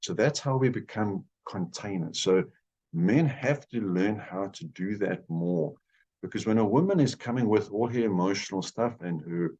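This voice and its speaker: A man speaking as a guest, explaining relationships with animated examples. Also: on the low side, normal speed, breathy edge, muffled recording. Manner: animated, acts out dialogue. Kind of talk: teaching conversation.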